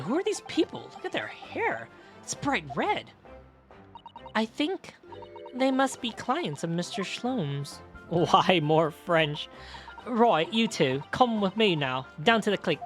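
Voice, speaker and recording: Animated streamer woman over game music. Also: mid-range voice, takes it slowly. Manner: swings between character voices and swearing asides. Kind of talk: live game playthrough with read-aloud dialogue.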